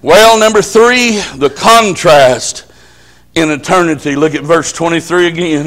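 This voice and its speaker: A man's voice: fairly high pitch, unhurried, fairly bright tone. A man preaching at a church service, telling stories in a folksy, emphatic country way. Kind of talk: storytelling sermon.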